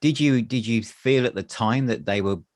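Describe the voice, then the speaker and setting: A man's voice: mid-range voice, normal speed, background noise. A man hosting a podcast interview, asking hesitant, meandering questions and nodding along. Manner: affirming, hesitant questions with restarts. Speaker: podcast host. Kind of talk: casual interview.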